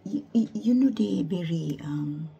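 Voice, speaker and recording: Gravelly, slow-whispering woman near tears. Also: on the low side, lively intonation, a little hiss or hum. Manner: soft halting whisper, repeating words. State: close to tears. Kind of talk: whispered personal monologue.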